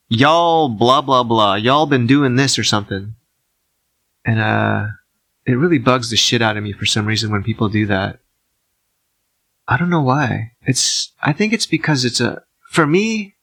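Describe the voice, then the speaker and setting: A young man hosting an ASMR podcast, rambling slowly and quietly with wry asides. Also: no echo. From United States, outside the South. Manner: slow, low-key rambling with wry asides. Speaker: podcast host. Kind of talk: soft-spoken ASMR podcast monologue.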